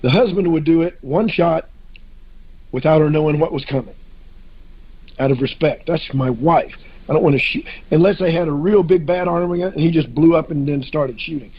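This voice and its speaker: Husky man, muffled lo-fi audio. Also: on the high side, normal speed. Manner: hesitant, frequent fillers and restarts. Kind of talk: casual podcast discussion.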